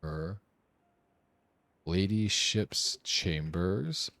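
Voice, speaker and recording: Deep-voiced man thinking aloud over gameplay. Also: big pitch swings, measured pace, dry recording. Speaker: streamer. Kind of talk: casual gameplay commentary.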